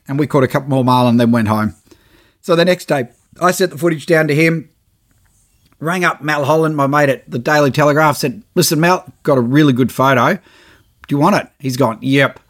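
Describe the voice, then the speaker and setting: A man tells a tale with relish, his voice sitting a bit high. He leaps up in pitch whenever he quotes himself, then drops low for the punchlines. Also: moderate pace. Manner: lively, exaggerated, acts out quotes with big pitch jumps. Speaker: storyteller. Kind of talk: animated anecdote.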